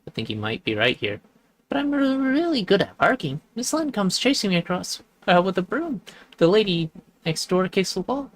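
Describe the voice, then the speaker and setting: An eager little dog with a squeaky, excited voice, done by a man. He brags about his barking in quick, bouncing bursts. He sounds far higher than any grown person.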